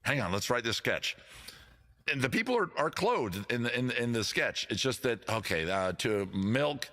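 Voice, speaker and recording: A man with a baritone voice, hosting his own live stream and joking about himself in loose, rambling banter between songs. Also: big pitch swings, moderate pace, a bit bright. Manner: self-deprecating, chatty, jokey. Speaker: host and guitarist of a live stream show. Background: his own guitar.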